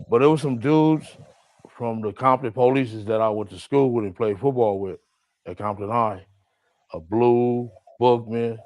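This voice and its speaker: A man's voice: medium pitch, no echo, rough recording. A man telling stories in an interview, acting out what others said with crude language. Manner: animated, acts out quotes, profane. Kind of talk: interview storytelling.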